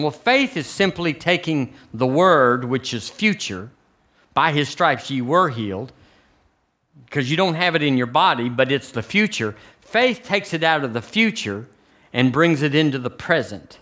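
Southern pastor preaching, bright voice. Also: male voice, medium pitch, measured pace, pauses often. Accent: Southern American. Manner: animated preaching, rising to near-shouted emphasis on scripture; chatty asides and jokes with the congregation. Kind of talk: sermon. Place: church sanctuary.

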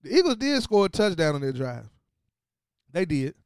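A man with a high, smooth voice rants about a game in a casual, profane, trash-talking style. He drops low and flat to read off stats, then jumps loud and excited, hammering the same phrase over and over. The sound is dry and close to the mic. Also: normal speed, no echo. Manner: swings between low stat-reading and loud excited outbursts. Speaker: sports podcast host. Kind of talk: animated casual sports rant.

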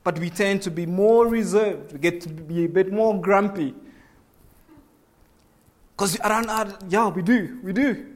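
Guy with a highish voice preaching, chatty, keeps asking the congregation stuff. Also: a little slow, long pauses. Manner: conversational, asks the congregation questions, acts out little voices. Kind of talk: sermon.

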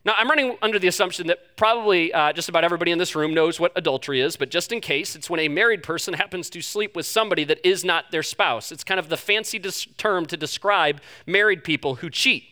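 Bright, high-voiced storytelling pastor man. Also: quick pace, few pauses. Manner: storytelling, animated and self-deprecating. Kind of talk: sermon.

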